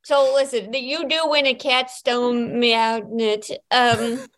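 A woman's voice: a little high, level tone, takes it slowly, fairly bright tone, poor audio. A woman hosting a comedy game show over the phone, dry and playful as she runs the games. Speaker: host. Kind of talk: casual comedy podcast hosting.

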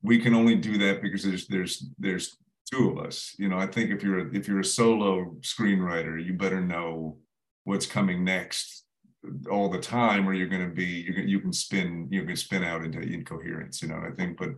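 Jokey low-voiced male screenwriter. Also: little pitch movement, moderate pace. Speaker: screenwriter guest. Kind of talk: casual interview chat.

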